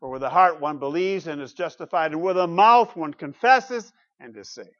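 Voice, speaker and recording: A man's slightly high voice carries through a dull, muffled recording. He preaches as a pastor, emphatic and conversational, often turning to the congregation with quick asides. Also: a bit bright. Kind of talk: sermon.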